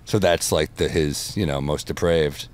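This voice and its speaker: A man telling animated stories in casual podcast chat, swearing freely. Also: very deep voice, moderate pace, clean tone. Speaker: comedian guest.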